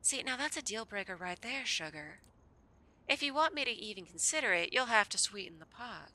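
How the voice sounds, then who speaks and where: A woman's voice: on the low side, moderate pace, sharp tone. A woman voicing a flirty, taunting female vampire in a game, with a teasing drawl that turns Southern at times.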